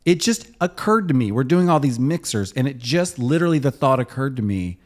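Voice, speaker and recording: A man appearing as a guest on a podcast, telling stories in casual chat with dry, teasing, deadpan asides. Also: mid-range voice, fairly quick.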